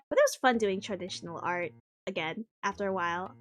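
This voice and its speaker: A woman vtuber chatting casually on stream, rambling and self-interrupting in an animated way. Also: mid-range voice, fairly quick, faint music behind.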